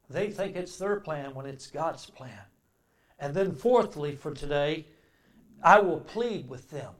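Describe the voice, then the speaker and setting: A man delivers a sermon in a fairly high voice. He builds to loud, emphatic declarations, then drops into quiet, reflective passages. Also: expressive, slow. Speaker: preacher.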